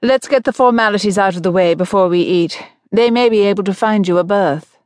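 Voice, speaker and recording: A woman's voice: mid-range voice, brisk, a little mellow, no room sound, clean studio sound, close to an everyday voice. A woman voicing a stern, commanding older aunt in an audiobook. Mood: brisk. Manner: firm and commanding.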